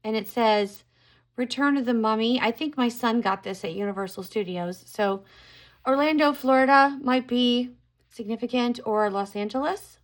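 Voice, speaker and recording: A woman's voice: fairly high pitch, normal speed. A middle-aged woman giving a casual tarot card reading to camera, musing aloud and exclaiming at what she draws.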